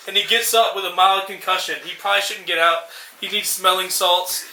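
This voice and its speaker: Young guy ranting about movies, high bright voice, swears a lot, echoey room. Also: steady tone, brisk. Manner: sarcastic, profane, acts out movie lines. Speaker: podcast co-host. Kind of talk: casual ranting chat.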